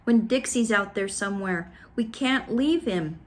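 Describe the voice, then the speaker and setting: Woman reading as storybook girl: raised, pleading, emotional, higher lines. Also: measured pace, close to an everyday voice. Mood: upset, pleading. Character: spirited young girl, upset and pleading.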